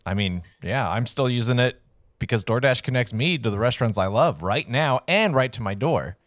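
A man co-hosting a podcast, doing a deadpan, joking ad read. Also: medium pitch, moderate pace, dry recording, clean studio sound. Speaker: podcast co-host.

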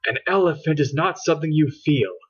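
A man voicing a bad-tempered girl who snaps and sneers, a little louder and higher than his own voice, on a dull lo-fi recording. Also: moderate pace, breathy edge. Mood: snarling. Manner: snapping, sneering, raised and higher. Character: angry girl scientist's bad-tempered double.

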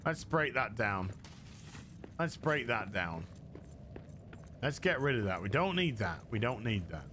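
A man's voice: mid-range voice, very animated, a little slow, background noise. A man giving casual let's-play commentary as a gaming host, muttering to himself and swearing now and then.

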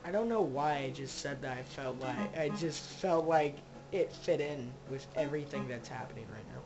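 A woman's voice: rumbling low, normal speed, dull audio. A woman giving casual let's-play commentary, rambling and joking as she talks to her game characters. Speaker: gamer playing a zombie survival game.

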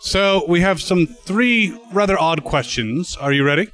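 A man's voice: sits high, a little slow, fairly bright tone, faint music behind. A man interviewing a guest, friendly and casual, asking questions.

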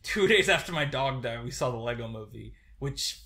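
A young man in his twenties co-hosting a podcast, rambling in a halting way with many restarts and getting teary as he talks. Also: mid-range voice, expressive, vocal fry, sharp tone. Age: 20s. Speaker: podcast co-host. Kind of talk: casual podcast chat.

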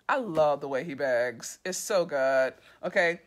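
A woman's voice: fairly low pitch, lively intonation, unhurried, few pauses. A woman reading her own story aloud and breaking off to gush and swear about her characters. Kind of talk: live reading with commentary.

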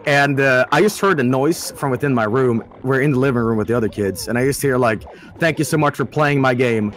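A man's voice: mid-range voice, fairly quick. A man chatting casually on a stream and telling funny stories, swearing and laughing as he goes. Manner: animated, swears, laughs a lot. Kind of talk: casual chat, storytelling.

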